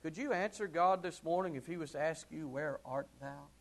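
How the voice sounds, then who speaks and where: A man preaching a sermon, swinging from loud ringing calls to hushed low murmurs, with drawn-out emphatic repetition. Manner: slow, drawn-out emphatic delivery with repeated phrases.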